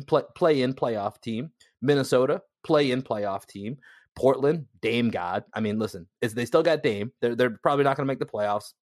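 Casting: male podcast host, lively slangy talk, dry close sound. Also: medium pitch, no echo. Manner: energetic, slangy, laughs often. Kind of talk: casual sports podcast chat.

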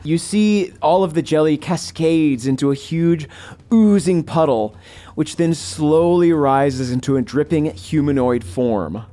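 A man narrating a tabletop game as game master, in a slow, dramatic manner. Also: fairly high pitch, mellow.

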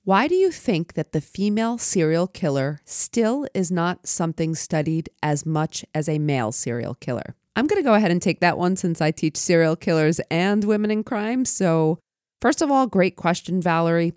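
Woman co-host who teaches criminology, upbeat casual chat, slightly low pitch, dry studio sound. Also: animated, moderate pace, darkish tone, no room sound. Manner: enthusiastic, grateful.

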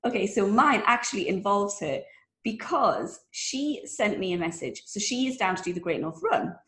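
A woman's voice: mid-range voice, big pitch swings, normal speed, a bit bright, echoey room. A woman co-hosting a casual chat, encouraging and laughing often. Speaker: podcast co-host.

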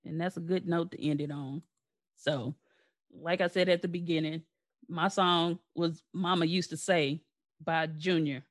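A woman's voice: fairly low pitch, a little slow. A woman hosting a podcast, chatting casually and laughing easily with her guest. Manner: laughs often, relaxed storytelling. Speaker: podcast host. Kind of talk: casual chat.

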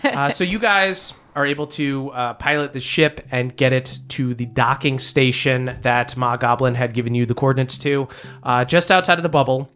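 A man's voice: medium pitch, normal speed, a bit bright. A man narrating a comedic tabletop game as game master, loose and playful, often laughing. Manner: laughing, loose and playful, breaks into silly voices.

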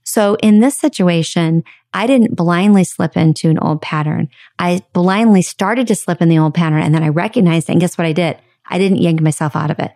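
Candid, animated woman podcast host. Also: lowish voice, brisk, few pauses, dry recording, clean studio sound. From United States. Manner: candid, animated, swears casually. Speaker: podcast host and life coach. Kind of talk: personal storytelling monologue.

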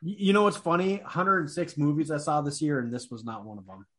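A man's voice: on the high side, sing-song, a little fast, fairly bright tone. A man hosting a casual horror movie podcast, rambling and repeating words, with a few swears. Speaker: podcast host.

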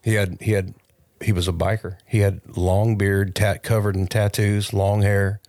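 A man, a podcast guest, telling a long casual anecdote with lots of restarts and animated asides. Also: on the low side, normal speed, no room sound, clean studio sound. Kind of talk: casual storytelling. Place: recording studio.

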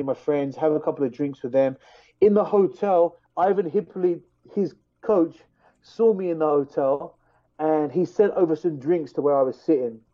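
A man tells a story with fired-up energy, stumbling over restarts as he talks. His voice sits a little high for a man. The sound is dull and lo-fi, as if from a modest mic. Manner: animated, fired-up retelling with many restarts. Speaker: fighter telling a story. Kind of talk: casual storytelling on a podcast.

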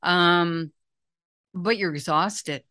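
A bright, forceful-sounding woman in her sixties talks earnestly as an interview guest. Her delivery is emphatic and encouraging, leaning on conviction. She sounds sure of every point. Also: fairly low pitch, very slow, no echo, studio quality. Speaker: parenting guest. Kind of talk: conversational interview.

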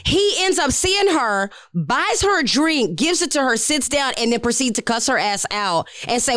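Brief: woman podcast co-host, blunt, salty storyteller, fairly high voice, dry close mic. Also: sing-song, moderate pace, few pauses, fairly bright tone, no room sound. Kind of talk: casual chat.

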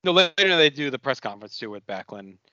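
A man's voice: medium pitch, very animated, quick pace, bright, forceful tone, no room sound, muffled recording. A man co-hosting a podcast in casual chat, enthusiastic and rambling. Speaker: podcast co-host.

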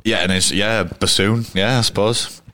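Deep-voiced man telling anecdotes. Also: steady tone, moderate pace, bright, forceful tone, no room sound. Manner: rambling, frequent restarts and fillers. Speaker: guest cricketer. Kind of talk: casual storytelling interview.

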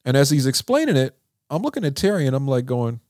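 A man telling stories as an interview guest in a recording studio, animated and acting out what people said. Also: quick pace, no room sound. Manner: animated, acts out quotes with lively pitch. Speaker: songwriter and producer, interview guest. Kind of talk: conversational storytelling.

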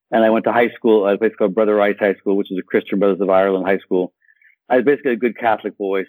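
Animated, playful man telling stories. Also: on the low side, no room sound, rough recording. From Michigan, USA. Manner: animated storyteller, playful acted-out asides. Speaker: guest actor. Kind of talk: podcast interview.

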